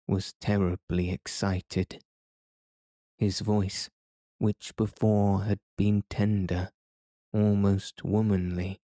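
An audiobook narrator whose voice sits on the low side reads a script in a calm, even storytelling manner. The recording is dry and studio-grade.

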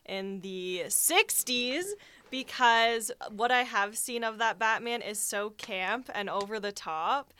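A young woman with a crisp, bright voice chats with friends on a podcast. She is playful and loose, swearing offhandedly and breaking into laughter. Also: a little high, animated, slow pace, dry recording. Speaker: podcast co-host. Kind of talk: casual chat.

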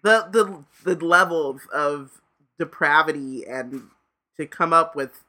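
A woman co-hosting a book podcast, with a bright, forceful voice. She speaks emphatically and often stops to restart her sentences as she searches for words. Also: sits low, takes it slowly. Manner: emphatic, trails off and restarts when moved. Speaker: podcast co-host. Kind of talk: casual book-discussion chat.

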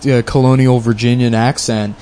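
A man's voice: medium pitch, flat delivery, fairly quick, dark tone, slight background noise. A young man co-hosting a podcast, chatting casually, rambling and joking through trivia. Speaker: podcast co-host. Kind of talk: casual chat.

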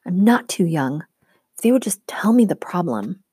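An earnest teen demigod girl, urgent and frustrated, voiced by a woman reading aloud. Her tone is low-set and mellow, with a dry, close sound. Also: big pitch swings, moderate pace, slightly rough, no echo, full character voice.

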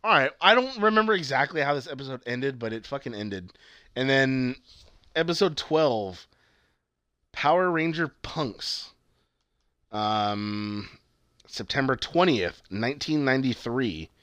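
A man's voice: medium pitch, animated, unhurried, fairly bright tone, dry recording. A man co-hosting a casual chat about a TV show, rambling and swearing, with lots of fillers and restarts. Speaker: podcast co-host.

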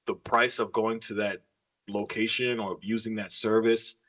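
A man's voice: fairly low pitch, little pitch movement, measured pace, fairly bright tone. A man co-hosting a podcast, telling a story in casual, profane chat with emphatic asides. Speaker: podcast co-host.

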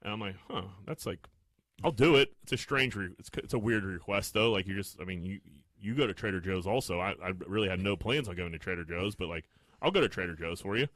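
Young male podcast co-host, fast and lively storyteller, dry close mic. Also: low voice, no echo. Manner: animated storyteller, swears, voices his rising outrage. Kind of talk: casual chat, storytelling.

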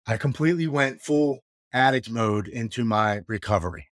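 A man's voice: medium pitch, normal speed, no echo, studio quality. Earnest man in his forties. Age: 40s. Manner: earnest, emotional, matter-of-fact retelling. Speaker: guest telling his recovery story. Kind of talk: personal storytelling, casual.

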